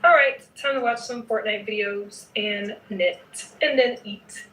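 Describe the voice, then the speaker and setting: A woman's voice: mid-range voice, unhurried, fairly bright tone, echoey room, distant mic, soft background music, low-quality recording. A woman chatting casually in a knitting vlog, playful and emphatic, often adding a teasing "okay?". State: sleepy at night. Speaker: knitting vlogger.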